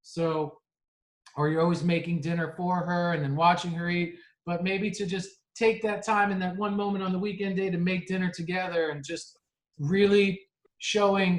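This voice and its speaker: Earnest higher-pitched man. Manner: earnest, frequent restarts and laughs. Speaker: podcast co-host. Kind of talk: casual podcast chat.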